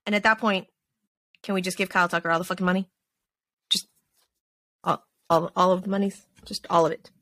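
A woman hosting a podcast from her home desk, chatting casually and animatedly, with plenty of swearing and quick asides. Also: on the low side, steady tone, pushed and bright, dry recording. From Texas. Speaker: podcast host. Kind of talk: casual chat. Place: home desk with snoring dogs.

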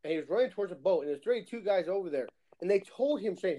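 A young man with a fairly high, mellow voice tells animated gaming stories in a casual podcast chat. He acts out the other players in quick voices. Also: rough recording. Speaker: podcast co-host.

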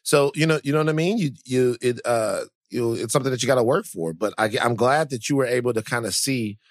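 A man co-hosting a podcast, talking casually in a rambling, animated, self-mocking way. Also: mid-range voice, fast talker, no room sound, clean studio sound. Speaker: podcast co-host. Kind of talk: casual chat.

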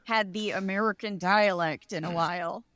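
A woman co-hosting a casual podcast, relaxed, with many fillers and quick agreeing interjections. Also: mid-range voice, dry recording. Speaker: podcast co-host. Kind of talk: casual chat.

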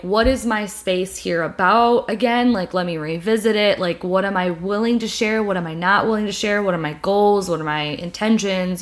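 A young woman talks in a loose, candid way as a podcast host. Her voice sits at a middle pitch, and she fills her talk with restarts and filler words. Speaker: video creator and podcast host. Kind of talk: casual chat.

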